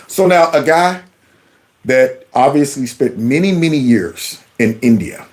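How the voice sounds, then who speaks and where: A man hosting his own channel, reacting to news clips with animated, mocking commentary and talking back to the speakers. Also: medium pitch, measured pace.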